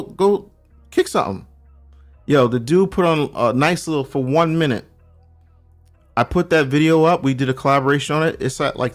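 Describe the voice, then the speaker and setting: A New York man tells stories in a loose, slangy way on a remote call, his voice at an everyday middle pitch. He acts out the people he quotes as he goes. Faint music plays behind him. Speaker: podcast guest. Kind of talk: casual chat.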